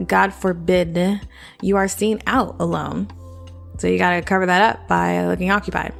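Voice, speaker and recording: A woman with a medium-pitched, gravelly voice hosts a podcast. She gives frank, chatty advice in a casual monologue and checks in with the listener often.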